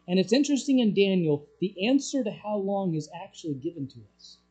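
A preacher delivering a sermon, swinging between loud urgent passages and hushed, low ones. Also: very animated, a little fast, low-quality recording.

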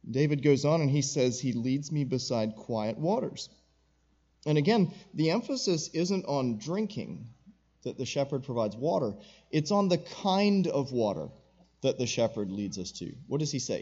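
A middle-aged male pastor delivering a sermon in a mellow, dark-toned voice. He speaks earnestly, draws out the words he wants to stress and puts questions to his listeners. The recording sounds a little dull. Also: medium pitch, husky. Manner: earnest, slows down to stress key phrases, asks the audience questions.

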